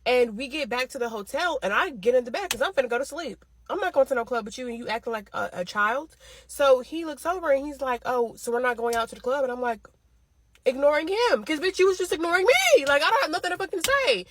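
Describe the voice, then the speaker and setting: A woman's voice: high-pitched, animated, quick pace, a bit bright, a little hiss or hum. A woman telling a story in a casual, heated rant, blunt and full of swearing, speaking close to a phone mic. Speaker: storytime vlogger.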